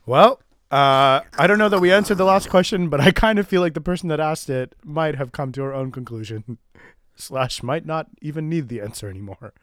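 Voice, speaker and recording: A man's voice: fairly high pitch, fairly quick, a bit bright, no room sound, clean studio sound. A man co-hosting a comedy podcast, bantering playfully and slipping into a mock-announcer tone. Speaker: podcast co-host.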